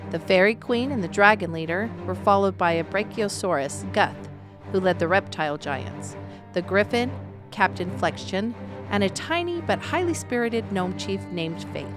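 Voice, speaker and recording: A woman narrating a fantasy storybook in a measured, descriptive manner. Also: medium pitch, expressive, over music.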